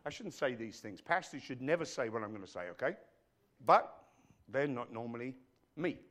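A man preaches to his congregation as their pastor, his voice sitting in an ordinary middle pitch. He is emphatic, sinking to a near hush before swelling back to loud declarations, and often calls out to the listeners directly. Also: lively intonation, moderate pace. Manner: emphatic, swinging between hushed and loud. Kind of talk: sermon. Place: church.

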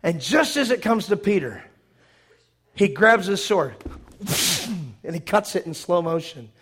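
Animated high-voiced preacher telling a story. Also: male voice, a little slow, slightly rough. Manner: animated storytelling, acting out scenes, sudden loud bursts. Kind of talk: sermon with movie retelling.

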